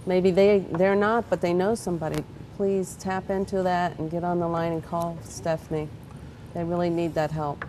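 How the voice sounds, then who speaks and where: A woman's voice: fairly low pitch, flat delivery, normal speed, dark tone, a little hiss or hum. A woman co-hosting a cooking show, speaking directly to viewers in an encouraging way. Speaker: co-host.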